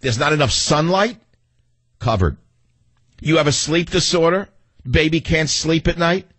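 A man's voice: fairly high pitch, measured pace, a bit bright, no room sound. A man with a New York accent hosting a talk radio show in a combative, sarcastic monologue.

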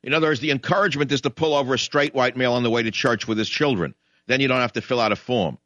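A man's voice: medium pitch, very fast, a bit bright, no echo. A man hosting a call-in radio talk show, speaking in a sarcastic, mocking way. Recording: dull radio studio sound, dry.

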